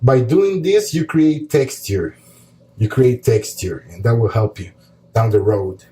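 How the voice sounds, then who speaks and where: A man teaching a beginner painting lesson, talking things through calmly as he paints. His voice is mellow and relaxed, with frequent small pauses and fillers. A faint background hiss sits under the voice. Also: medium pitch, poor audio. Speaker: art teacher. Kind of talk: step-by-step painting tutorial.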